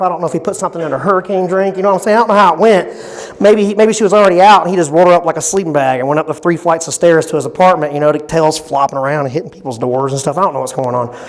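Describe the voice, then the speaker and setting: Fast-talking rambling stand-up comedian man. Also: high voice. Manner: rambling, fast storytelling with constant "you know what I'm saying".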